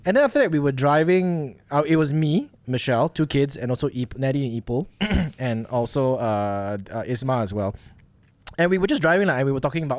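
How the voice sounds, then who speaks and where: A man's voice: mid-range voice, fairly quick, no room sound. A man with a Malaysian English accent, hosting a casual podcast chat and acting out dialogue as he tells stories. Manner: animated storyteller, acts out dialogue. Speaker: podcast host.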